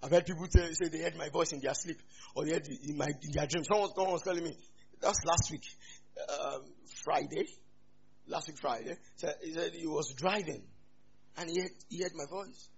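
Nigerian male pastor, husky, fairly high voice, animated sermon, dull lo-fi recording. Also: fairly quick. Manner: animated preaching with sudden loud rises and laughs.

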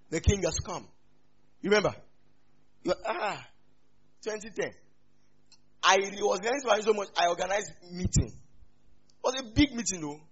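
Nigerian male pastor, husky and a bit high, humorous sermon, lo-fi sound. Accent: Nigerian, Yoruba-speaking. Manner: humorous, mixing in Yoruba asides, lively swings in loudness.

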